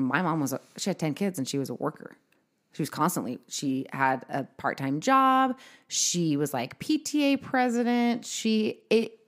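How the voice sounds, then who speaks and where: Woman host, lower-pitched, chatty podcast conversation, easy laughs. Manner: chatty, laughs often, quotes herself in asides.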